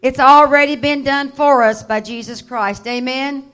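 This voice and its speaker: A woman's voice: high voice, fairly even intonation, smooth. A woman preaching in a church, reading scripture aloud and leading the congregation in repeating it. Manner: reads scripture slowly, building to loud call-and-response. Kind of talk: sermon.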